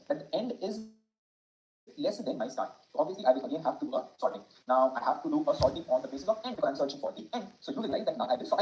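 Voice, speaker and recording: Brief: fast-talking woman tutor, lowish voice, walks through an algorithm out loud. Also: a little hiss or hum, rough recording. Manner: rapid, repetitive thinking aloud while working at a whiteboard. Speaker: coding tutor. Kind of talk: explaining an algorithm problem.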